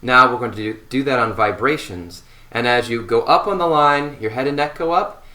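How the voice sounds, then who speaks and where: A man teaching a seated voice warmup, giving slow, calm instructions between long sustained hums. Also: mid-range voice. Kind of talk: guided voice warmup. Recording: roomy echo.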